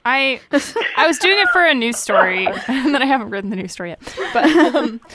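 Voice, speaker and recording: A woman's voice: on the high side, lively intonation, fairly quick, a loud crowd. A woman on a gaming podcast panel, chatting casually and laughing often between filler words. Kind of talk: casual chat.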